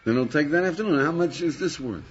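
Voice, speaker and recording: Man, rabbi lecturing a class, lively swooping voice, rhetorical questions, dull lo-fi tape. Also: on the high side, fairly quick, slightly rough. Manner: animated, fires rhetorical questions, acts out dialogues, chuckles. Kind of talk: lively lecture to a live audience.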